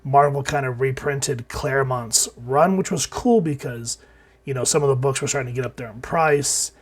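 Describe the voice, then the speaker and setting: A man hosts a casual comic book review while recovering from illness. His voice is husky and hoarse, his pitch sits in a middle range, and he rambles with many fillers and restarts. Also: moderate pace. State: sick, hoarse with coughs.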